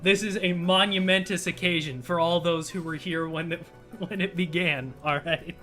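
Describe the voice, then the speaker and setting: A young man hosting a casual livestream, his voice sitting a touch high. He talks wryly, swears offhandedly and breaks into laughter often. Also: fairly even intonation, normal speed, sharp tone, soft background music. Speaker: streamer host.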